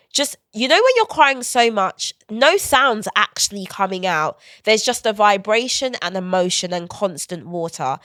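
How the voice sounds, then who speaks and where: A woman's voice: mid-range voice, no echo. Candid woman, dry close sound. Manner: candid, animated storytelling with quoted asides. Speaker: guest author. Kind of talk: conversational podcast interview.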